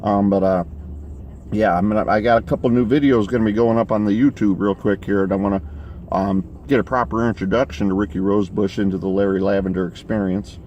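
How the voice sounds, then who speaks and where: A man telling a rambling comic story while driving, full of fillers and restarts, with a deadpan delivery. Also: on the low side, fast, slight background noise. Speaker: comic character vlogger. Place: in a vehicle, driving.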